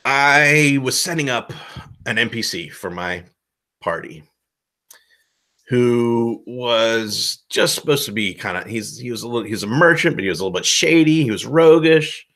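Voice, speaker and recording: A man giving casual advice as a game master, loose and self-deprecating, rambling with a relaxed tone. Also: medium pitch, moderate pace. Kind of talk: casual instructional talk.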